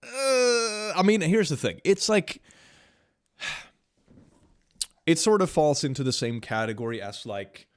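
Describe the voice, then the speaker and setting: A man's voice: fairly high pitch, lively intonation, slow, long pauses, no room sound. A young man streaming live, chatting casually and reading viewer messages aloud, laughing often, with a slight cold. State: slight cold, stuffy nose.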